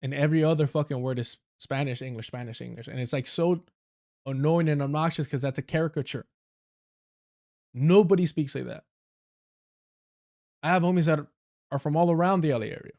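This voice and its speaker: A man's voice: a little high, a little fast, pauses often, a little mellow. A man with a Southern Californian accent hosts a livestream and talks in a raised, lighter register than most men. He speaks bluntly, swears often, and breaks into short laughing asides as he comments. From Southern California, United States. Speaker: livestream host.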